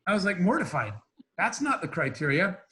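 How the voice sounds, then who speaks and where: A man with a slightly high voice tells lively anecdotes as an interview guest. He acts out the voices of people in his stories while keeping a casual, conversational flow. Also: brisk. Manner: animated anecdotes with quoted dialogue. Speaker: entrepreneur guest. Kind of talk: storytelling interview talk.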